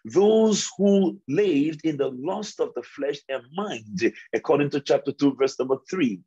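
A pastor from Liberia preaching a devotional sermon, slow and emphatic, repeating his key phrases. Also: fairly high pitch, animated, dark tone, breathy edge, dull audio.

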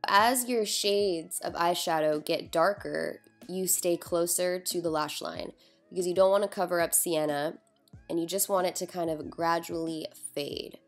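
A young woman chatting casually through a makeup tutorial, joking at herself and sounding a little sleepy. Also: fairly low pitch. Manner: chatty, self-deprecating, talks through each step. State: sleepy, just woke up. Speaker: beauty vlogger.

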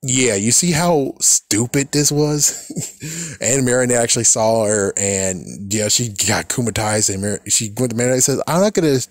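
A man's voice: mid-range voice, moderate pace, dry recording, studio quality. A man casually recapping a cartoon episode, exasperated and swearing, often laughing at the characters. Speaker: cartoon reaction commentator.

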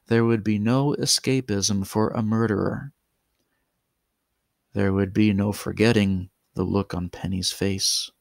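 A man narrating a horror story, slow and deliberate with a dramatic edge. His voice sits at a middling pitch, and the recording is dry and close with no room sound. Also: a little mellow, dry recording.

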